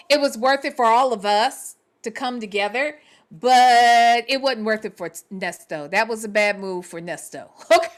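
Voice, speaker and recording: A woman's voice: high-pitched, sharp tone. A woman hosting a livestream show, chatting casually and answering viewer comments in a blunt, profane way. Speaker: show host.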